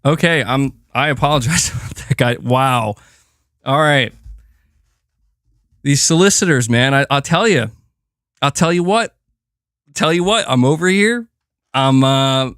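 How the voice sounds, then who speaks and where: A young man streams games from a room at home, his voice fairly high and a little slow, with long pauses. He chats casually and rants in an animated, exasperated way, breaking into laughs. The tone is clean and the sound is studio-quality with no echo.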